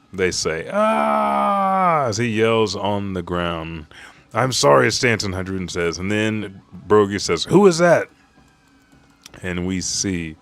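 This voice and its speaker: A man with a fairly low voice excitedly recaps a comic chapter for a live audience. He swears freely and narrates the fights with gusto. Every so often he leaps into loud, high-pitched shouts to voice the characters. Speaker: host of a live chapter read.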